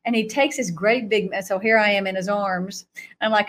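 A middle-aged woman telling a story in an animated way, laughing often and jumping to a high voice when she acts out reactions. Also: normal speed. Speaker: guest recounting a vision.

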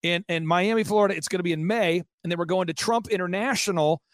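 A man telling an excited testimony as an interview guest, fast and intense, acting out quotes as he goes. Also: sits high, no room sound, studio quality.

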